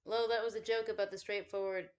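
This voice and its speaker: A woman's voice: medium pitch, level tone, fast talker, a little mellow, lo-fi sound. A woman chatting casually at home while folding laundry, rambling and swearing freely with self-deprecating asides.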